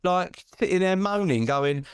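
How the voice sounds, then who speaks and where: Indignant British man, fast restarts. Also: sits high, clean tone, dry recording, clean studio sound. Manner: indignant, animated, many restarts and "do you know what I mean". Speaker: podcast guest. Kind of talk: casual podcast chat.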